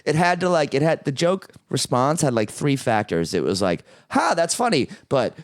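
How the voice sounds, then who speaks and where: A man hosting a podcast who tells stand-up stories in a rambling, animated way and swears freely. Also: medium pitch, normal speed, dry recording, studio quality. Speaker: podcast host and stand-up comic. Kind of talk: casual chat.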